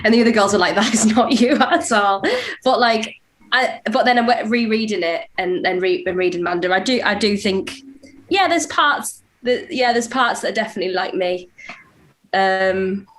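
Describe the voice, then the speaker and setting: A woman's voice: medium pitch, normal speed. Chatty young woman from England. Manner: chatty, self-correcting, laughs easily. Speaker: actress, interview guest. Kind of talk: casual video-call interview. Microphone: video call.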